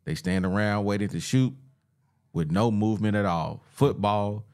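A man co-hosting a sports podcast, giving animated, slangy shout-outs. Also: lowish voice, moderate pace. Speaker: podcast co-host. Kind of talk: casual sports podcast chat.

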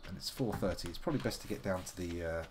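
A man's voice: sits low, fast talker, noisy background. A man giving casual, wry live gameplay commentary, chatting to himself as he plays. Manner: chatty, wry, talks to himself while playing. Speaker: game streamer.

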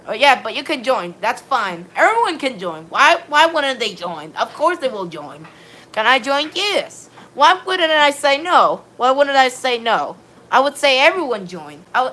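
Bright-voiced woman streamer chatting. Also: a little high, sing-song, normal speed, a little hiss or hum. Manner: rambling, repeats "all right, then" and "of course"; greets chat viewers by name. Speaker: live streamer. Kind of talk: casual live-stream chat while gaming.

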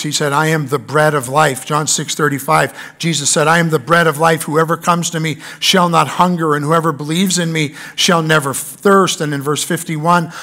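A man's voice: on the high side, fairly bright tone. A man preaching a sermon in church, reading scripture aloud and building emphasis on key lines. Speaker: pastor.

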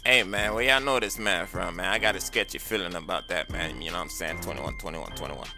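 A man's voice: low-pitched, a little fast, over music. A man talking suspiciously and teasing in slang during game roleplay.

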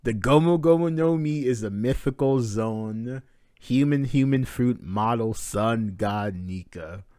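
A man hosting a live manga reading reaction, narrating panels with excited swearing and casual talk. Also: medium pitch, measured pace, no echo, clean studio sound.

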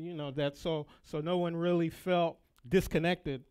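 A man's voice: a little high, steady tone, normal speed, darkish tone, clear, resonant tone. A middle-aged man teaching a Sunday school Bible lesson in church, rambling with folksy asides and repeated words.

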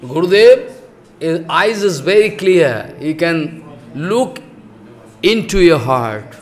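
Give me a man, preaching emphatically in a high voice. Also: expressive, takes it slowly. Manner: scolding, emphatic, mixes laughter and mock dialogue. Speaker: spiritual teacher. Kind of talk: sermon.

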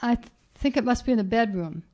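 A woman voicing a frightened young mother who pleads with intruders while straining to sound calm, in a literary reading. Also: on the high side, quick pace, lightly acted. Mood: pleading.

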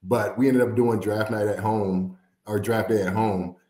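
A man from Indiana, a former football player, telling stories as an interview guest with animated, laughing delivery. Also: fairly low pitch, moderate pace, roomy sound. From Indiana, USA. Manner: animated storyteller, laughs often, acts out quotes. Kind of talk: casual interview storytelling.

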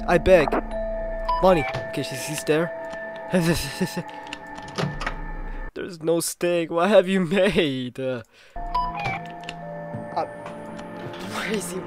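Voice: mid-range voice, takes it slowly, long pauses, music in the background. A horror game player giving panicky, stammering commentary and swearing as they play. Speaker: gameplay streamer.

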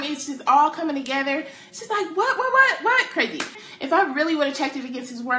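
A young adult woman sharing a personal faith testimony with excited emphasis and casual slang. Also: high voice. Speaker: testimony speaker. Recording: echoey room.

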